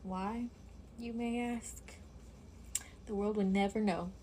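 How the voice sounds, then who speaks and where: A woman's voice: medium pitch, steady tone, takes it slowly, dark tone, slight background noise. Chatty woman telling a storytime. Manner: chatty, full of "like", drops to a whisper when quoting. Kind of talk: casual storytime chat.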